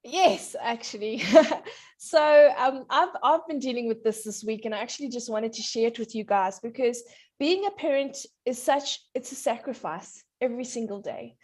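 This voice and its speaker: A woman's voice: a little high, normal speed, a little mellow. A woman in her thirties, a parenting coach chatting as a guest, with frequent fillers and easy laughter. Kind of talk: casual explanatory chat.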